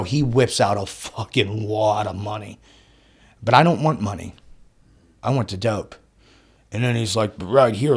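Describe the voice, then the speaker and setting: A man telling a story as a podcast guest. He talks in an excited rush, curses freely, breaks into laughter and plays out every line of dialogue. His voice sits at an ordinary middle pitch for a man. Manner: excitable, swears often, laughs mid-sentence, acts out dialogue. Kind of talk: animated storytelling.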